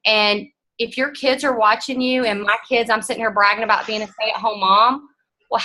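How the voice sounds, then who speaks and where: A woman, giving a frank, animated motivational talk to her team as guest speaker. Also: mid-range voice, low-quality recording.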